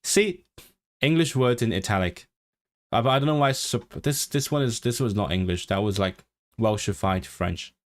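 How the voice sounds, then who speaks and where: Male streamer, lowish voice, casual self-interrupting study chatter on a home mic. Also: normal speed. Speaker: language-learning streamer. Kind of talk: casual study livestream, reading aloud and musing.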